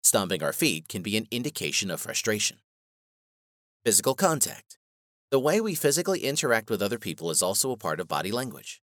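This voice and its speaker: A man reading a scripted instructional narration in a measured, even way. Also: fairly low pitch, no echo, studio quality.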